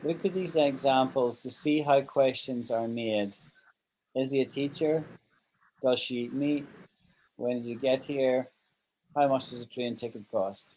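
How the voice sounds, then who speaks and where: A man's voice: medium pitch, darkish tone, a little hiss or hum, low-quality recording. A man teaching an online English grammar lesson, patiently walking through example sentences and checking that his students follow.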